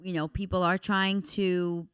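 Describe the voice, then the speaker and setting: A woman's voice: on the low side, flat delivery, unhurried, clear, resonant tone, no echo, clean studio sound. A woman who is a stand-up comedian, chatting casually and earnestly on a talk show. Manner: chatty and earnest, with jokey asides. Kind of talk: casual chat.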